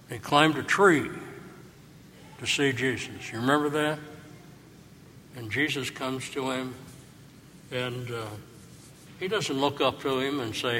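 A man preaching a sermon as a priest, reflective and gentle, asking his listeners rhetorical questions. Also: mid-range voice, a little hiss or hum. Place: church. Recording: church hall reverb, faint ambience.

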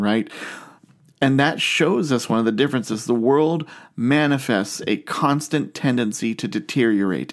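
A middle-aged man preaching a sermon as pastor, earnest and conversational, with asides and questions to the congregation. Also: mid-range voice.

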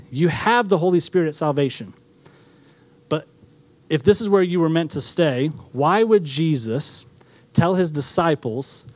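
A man's voice: on the high side, a little mellow, dry recording. A middle-aged male pastor teaching a sermon, earnest, using props and asking rhetorical questions.

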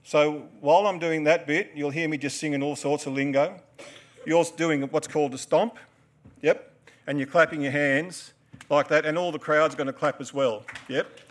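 An Australian man in his forties talks to a live audience from a stage, his voice sitting a touch high for a man. He tells a story, cracks jokes and coaches the people up front through a dance. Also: steady tone, normal speed. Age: 40s. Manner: joking, storytelling, instructing a crowd. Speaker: dancer and performer.

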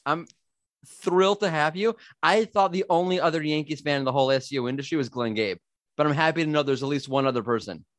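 A man's voice: fairly high pitch, fast talker, a bit bright, no echo. A man hosts a podcast in a loose, joking way, teasing himself and often restarting his sentences. He is from Brooklyn. His voice is recorded close and dry, with no room sound. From Brooklyn, USA. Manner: joking, self-mocking, rambling with restarts. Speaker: podcast host. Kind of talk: casual podcast chat.

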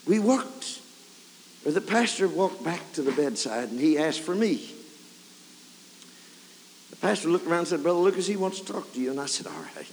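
Man, revival preacher, high gravelly voice, echoing tabernacle, light tape hiss. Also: animated, normal speed, pauses often. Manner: builds from hushed retelling to fervent shouting. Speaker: evangelist preacher. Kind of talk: revival sermon storytelling. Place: large camp meeting hall or tabernacle. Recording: 1990s camp meeting tape, hall reverb, faint hiss.

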